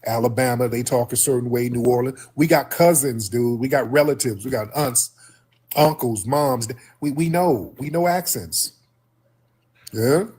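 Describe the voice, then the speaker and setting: A man's voice: mid-range voice, a little slow, a little mellow, husky. A man hosting a call-in livestream, talking in an emphatic way and repeating his points for his listeners. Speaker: host.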